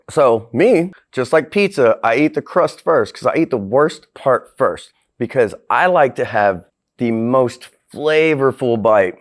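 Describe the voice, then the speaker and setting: A man's voice: medium pitch, animated, normal speed. A man hosting a crude comedic cooking vlog, brash and profane, laughing often. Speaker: host.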